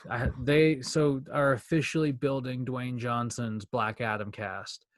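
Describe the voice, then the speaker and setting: A young man co-hosting a podcast in casual chat, talking fast and rambling, with plenty of swearing. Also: medium pitch, fairly even intonation, no room sound, studio quality. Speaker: podcast co-host.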